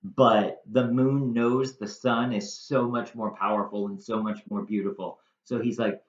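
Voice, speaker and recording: A man's voice: lowish voice, steady tone, unhurried, hardly any pauses. A man teaching a Shakespeare passage, paraphrasing it casually and often saying "like". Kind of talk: explaining a Shakespeare text. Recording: roomy, dull lo-fi sound.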